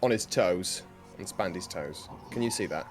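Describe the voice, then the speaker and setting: A man's voice: low-pitched, moderate pace, music in the background. A man playing a tabletop game who explains the rules of his moves with dry jokes.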